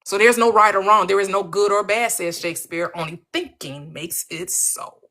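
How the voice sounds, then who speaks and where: Blunt bright-voiced woman host. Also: medium pitch. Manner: blunt, brisk, streetwise. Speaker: host of a live stream panel. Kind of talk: casual live-stream talk.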